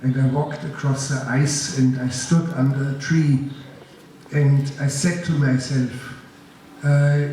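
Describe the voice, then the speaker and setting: Slow, grave man with a German accent. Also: mid-range voice, level tone, warm tone. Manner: slow, deliberate, grave storytelling. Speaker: guest filmmaker giving a master class. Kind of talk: lecture answering audience questions. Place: large lecture hall. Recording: echoey hall, distant mic, faint noise.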